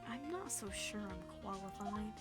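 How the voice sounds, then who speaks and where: Expressive woman streamer reading game lines. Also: medium pitch, unhurried. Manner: playful, expressive. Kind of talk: reading game dialogue aloud with voices. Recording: loud game music behind.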